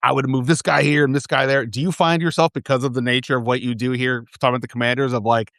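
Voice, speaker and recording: A man's voice: mid-range voice, little pitch movement, quick pace, fairly bright tone, no echo, studio quality. A man hosting a sports podcast in casual chat, rambling and restarting often as he thinks aloud. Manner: rambling, self-correcting, many restarts. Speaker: podcast host.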